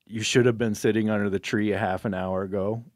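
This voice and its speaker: A man's voice: lowish voice, steady tone, a little fast, no echo, clean studio sound. A man chatting as a podcast guest in a laid-back way, often putting in short agreeing words. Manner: laid-back, brief agreeing interjections and easy laughs. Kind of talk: casual chat.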